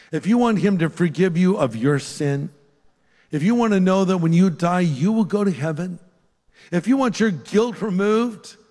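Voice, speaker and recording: An older man preaching a sermon and leading an altar-call prayer, earnest and pleading, rising on key phrases and dropping soft to pray. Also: on the high side. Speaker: pastor. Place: large church hall with a live congregation. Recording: long hall reverb.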